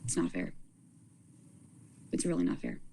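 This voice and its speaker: A woman talking casually on a livestream, rambling and halting, often repeating her words as she restarts. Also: dark tone, slight background noise, low-quality recording.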